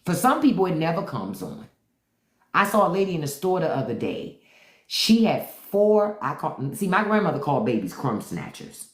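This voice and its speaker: A woman's voice: low-pitched, normal speed, roomy sound. Blunt, profane woman host. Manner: blunt, profane, animated storytelling. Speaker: host of a live stream. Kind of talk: casual live-stream chat with viewers.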